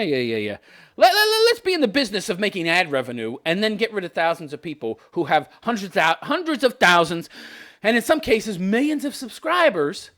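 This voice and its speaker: A man's voice: high voice, a bit bright. A man in his fifties, hosting a commentary show, ranting with profanity and sarcasm and laughing at his own jokes. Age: 50s.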